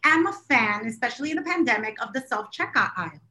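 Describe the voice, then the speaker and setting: Woman podcast co-host, high bright voice, rambling and exasperated, casual. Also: animated, fast talker. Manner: rambling, self-deprecating, exasperated storyteller.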